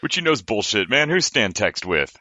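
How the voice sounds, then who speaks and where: Deep, bright-toned lively podcast man. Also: moderate pace, highs cut off, slight background noise. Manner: lively, joking storyteller. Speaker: podcast co-host. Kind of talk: casual chat.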